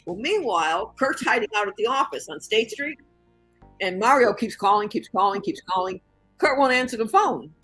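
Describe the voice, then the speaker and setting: An older woman from the Chicago area, a guest in an interview, telling a story with lively acted-out voices. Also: medium pitch, normal speed, faint music behind, poor audio. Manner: animated storyteller who acts out the voices in her story.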